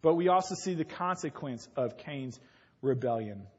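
A man's voice: medium pitch, lively intonation, normal speed, husky. Conversational preacher, a man with a dull-sounding recording. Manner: conversational preaching with homely examples. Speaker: pastor. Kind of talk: sermon.

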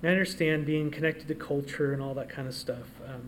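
High-voiced pastor preaching a sermon. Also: male voice, fairly even intonation, a little fast, a little hiss or hum. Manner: shifts from quiet asides to loud emphatic declarations.

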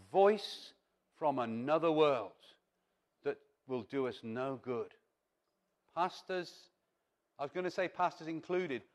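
A man preaching a sermon in a theatrical, animated way, acting out the lines he quotes. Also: on the high side. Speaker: pastor.

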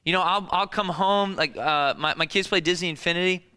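A man in his thirties preaching a sermon, telling stories in an animated way and acting out the people in them in quick voices. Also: sits high, clean tone. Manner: animated storytelling, acts out disciples and kids in quick voices. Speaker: pastor.

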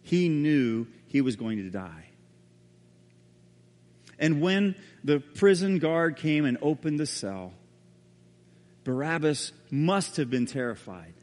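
A man preaches a sermon, telling the story with drama and often sinking into a hushed tone. His voice sits a little high for a man. The sound carries a long, reverberant hall tail. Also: sing-song, takes it slowly, pauses often. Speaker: pastor.

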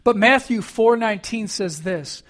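A man's voice: high-pitched, a little slow, fairly bright tone. A middle-aged man preaching a sermon as pastor, earnest and emphatic, repeating key phrases.

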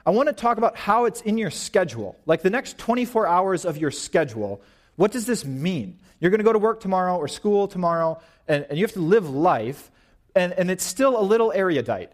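A young man in his twenties giving an informal, animated sermon at church, pacing and gesturing as he talks. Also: high-pitched, brisk. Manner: paces and gestures while preaching, animated and informal. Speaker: young preacher.

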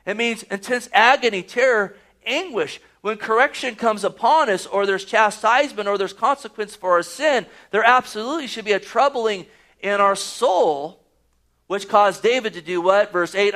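A man's voice: sits high, normal speed, pushed and bright. A man preaching a sermon, reading scripture aloud and pressing his points with rising emphasis. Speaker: pastor.

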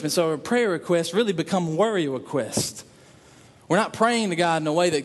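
Man, preacher, earnest sermon, slightly high voice, long hall reverb. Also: expressive, normal speed. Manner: earnest, repetitive emphasis, acts out prayers in quotes.

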